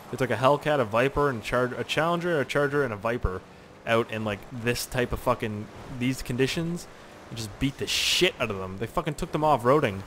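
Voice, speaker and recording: Profane excitable young gamer guy. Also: mid-range voice, slight background noise. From Canada. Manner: profane, rambling, excitable with sudden yelps. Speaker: gaming channel host. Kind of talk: gameplay commentary.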